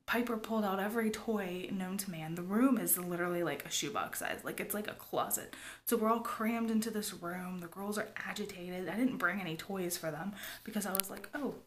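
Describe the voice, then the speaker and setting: A woman's voice: medium pitch, a little fast, a little hiss or hum. A woman, talking to her viewers in a rambling, confiding way, often dropping to a whisper. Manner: rambling, confiding, lots of "like" and "you guys", often drops to a whisper. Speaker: family vlogger. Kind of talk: confessional vlog talk.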